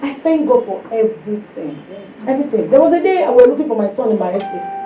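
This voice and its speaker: High-voiced woman preaching. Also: fast, narrow, tinny audio, a little hiss or hum. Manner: animated storytelling, acting out voices, exclamations. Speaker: women's fellowship preacher. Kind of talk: sermon with personal testimony. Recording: echoey room, distant mic.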